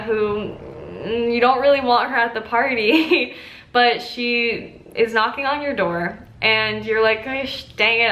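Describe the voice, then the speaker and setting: A woman wellness coach speaks to her audience in an earnest self-help manner, often repeating a word to lean on it and filling pauses with "um." Her voice sits at an ordinary middle pitch. The room around her is noticeably echoey. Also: a bit bright. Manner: earnest, repeats words for emphasis, many fillers. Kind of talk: motivational self-help talk to camera.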